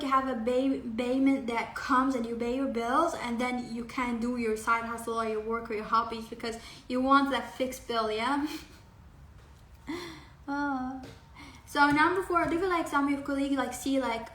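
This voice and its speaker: A woman's voice: sits high, a bit bright, reverberant, distant mic. A woman doing a casual pick-a-card reading, rambling with lots of fillers and casual swearing. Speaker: tarot card reader.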